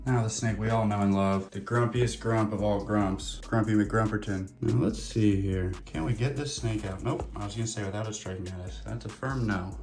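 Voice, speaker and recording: A man's voice: fairly low pitch, a little mellow. A man, chatting casually and jokingly as he tends his snakes. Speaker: reptile keeper and vlogger. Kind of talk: casual vlog.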